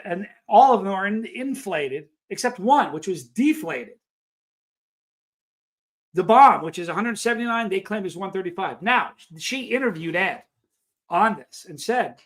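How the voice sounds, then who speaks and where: A high-pitched man talks to his live-stream viewers in a loose, unscripted rant. He is emphatic and opinionated, pressing each point hard and asking the audience questions. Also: fairly bright tone.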